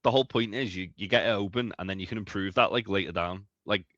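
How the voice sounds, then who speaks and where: Lower-voiced man on dull lo-fi audio. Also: fast, a bit bright, no echo. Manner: rambling, swears casually, restarts words. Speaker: podcast co-host. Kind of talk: casual chat.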